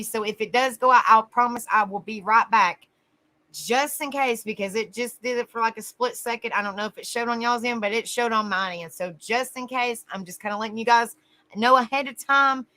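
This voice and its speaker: A woman's voice: fairly high pitch, brisk, sharp tone. A woman hosting a casual livestream, greeting viewers by name and calling them honey. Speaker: livestream host.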